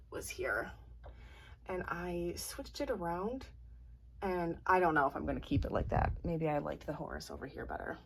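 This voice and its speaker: Low-voiced woman rambling through a home tour. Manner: rambling, hesitant, many ums and likes. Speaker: vlogger. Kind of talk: casual home tour chat. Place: home room.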